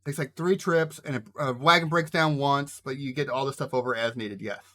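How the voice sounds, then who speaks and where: A man's voice: medium pitch, fairly quick, bright, forceful tone. A man running a tabletop game as game master, narrating casually with frequent fillers.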